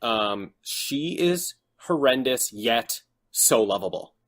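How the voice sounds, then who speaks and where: A man co-hosting a casual podcast, retelling scenes in an animated, exaggerated way. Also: medium pitch, slow. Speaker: podcast co-host. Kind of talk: casual chat.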